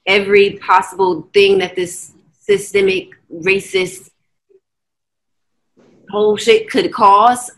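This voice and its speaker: A young woman from the United States telling her story in an earnest, fast-flowing way, often slipping into quoted dialogue. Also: mid-range voice, steady tone. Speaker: guest. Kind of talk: candid personal storytelling.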